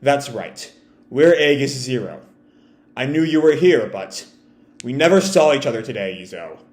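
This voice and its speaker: A man voicing a stern male government agent who speaks in a low, quiet, measured way, in an echoey room. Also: animated, natural voice. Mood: cold.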